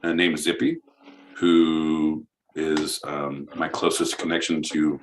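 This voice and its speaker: A Californian man co-hosting a podcast, talking in a rambling, excitable way with lots of restarts and swearing. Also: extremely low pitch, slow pace, noisy background. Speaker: podcast co-host. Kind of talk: casual chat.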